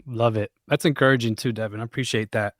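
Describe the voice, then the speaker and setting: An upbeat man hosts the discussion, encouraging the speakers and inviting them in. His voice has an ordinary middle pitch. The audio is dry and close. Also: fairly even intonation, quick pace, a bit bright, no echo. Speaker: host of an audio chat room. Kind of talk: casual chat, moderating.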